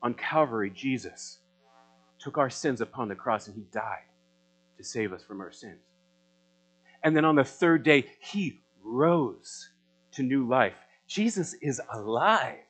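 A man preaching a sermon, swinging from loud, rising appeals to quiet, searching questions. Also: medium pitch, lively intonation, measured pace, low-quality recording. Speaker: pastor.

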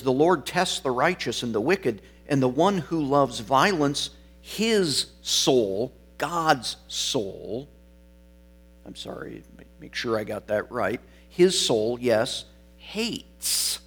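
Slow, deliberate male preacher. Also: mid-range voice, expressive, breathy edge, faint music behind. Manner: deliberate, stressing single words; emphatic, drops to quiet phrase endings. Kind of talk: sermon.

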